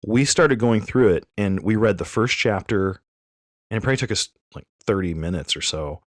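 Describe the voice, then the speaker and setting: A man in his thirties chatting on a podcast, telling an animated, rambling story and correcting himself as he goes. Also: lowish voice, normal speed, no room sound, clean studio sound. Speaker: podcast co-host. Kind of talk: casual chat.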